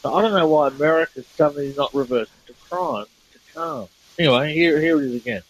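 A slightly high-voiced man hosts a casual talk show. He explains things eagerly, stops and restarts his sentences, and spells out words letter by letter. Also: fast talker, dull audio. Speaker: host presenting reversed speech clips. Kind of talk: casual radio discussion.

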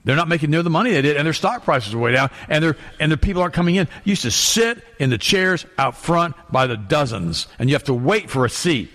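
Fast-talking gravelly man telling a story. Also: on the high side, in a large hall. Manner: animated storyteller, repeats words when excited. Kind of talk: casual chat, telling an anecdote.

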